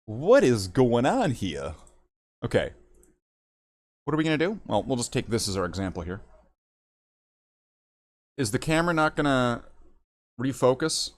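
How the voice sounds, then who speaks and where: Rambling, lively-voiced male hobby streamer. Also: medium pitch, a little slow, long pauses, dry recording. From Canada. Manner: rambling and self-mocking, repeats words. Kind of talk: casual livestream chat while painting models.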